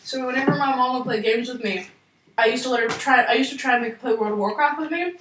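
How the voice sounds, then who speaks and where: A woman's voice: sits high, fast talker, a bit bright, a little hiss or hum. A young woman chatting playfully while playing a game on stream. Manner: playful, jokey. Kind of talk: casual gameplay chat. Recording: echoey room, mic far off, music behind.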